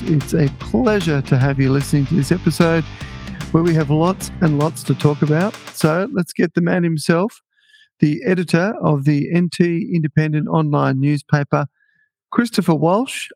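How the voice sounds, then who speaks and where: A man hosting a podcast, eager and friendly with quick laughs. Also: a little high, a little mellow. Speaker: podcast host. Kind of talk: casual podcast chat.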